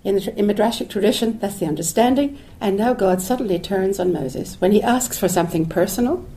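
Fairly quick and dark in tone, a woman's medium-pitched voice carries a thoughtful public lecture in a lecture hall. She thinks out loud, restarting and digressing with asides, and drops Hebrew expressions into her talk.

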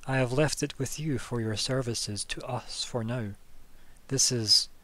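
A man's voice: fairly low pitch, steady tone, lightly acted. A man voicing a stern woman city leader. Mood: stern, weary. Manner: measured, formal, cornered but firm.

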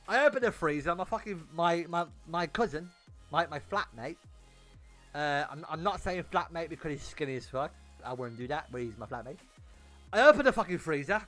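A man's voice: on the high side, expressive, brisk, sharp tone, soft background music. A young man on a gaming livestream, telling a story casually and animatedly, swearing and repeating words as he goes. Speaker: gaming streamer.

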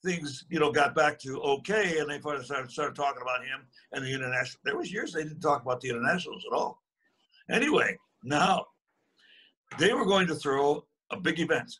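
An elderly man in his eighties tells a story in a husky, slightly raised voice with a bright, forceful edge. He wanders, restarts and chuckles as he talks, in an easy conversational way. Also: on the high side. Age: 80s. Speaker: guest. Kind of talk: casual storytelling.

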